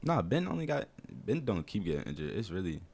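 A man's voice: low voice, sing-song, brisk, creaky, a little mellow, husky. A man in a casual sports chat, blunt and opinionated, cursing freely.

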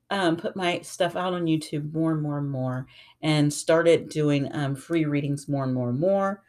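A podcast host and tarot reader talking through a personal journey in a casual solo monologue, earnest and reflective, sometimes a little raspy and mumbly when slowing down. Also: mid-range voice. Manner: earnest, reflective, rambling storytelling.

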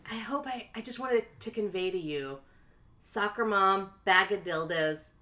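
Animated woman telling a wild story. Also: unhurried. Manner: animated, laughing, acts out quotes in a high voice; frequent "like" fillers. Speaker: podcast co-host. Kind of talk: casual storytelling chat.

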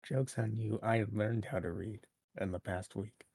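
A young man co-hosting a podcast, joking in a dry, deadpan way. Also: on the low side, measured pace, vocal fry, slightly rough, no echo. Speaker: podcast co-host. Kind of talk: casual chat.

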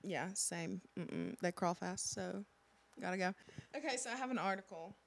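A young woman co-hosting a podcast, telling stories in casual chat with lots of "like" and excited bursts. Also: lowish voice, moderate pace, vocal fry. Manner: animated storyteller, lots of "like". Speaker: podcast co-host.

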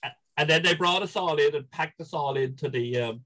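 A man's voice: a little high, a little fast, bright, forceful tone, poor audio. A middle-aged Irish man telling stories in casual chat, rambling with many restarts and chuckles. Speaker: guest, football supporter. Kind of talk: casual storytelling.

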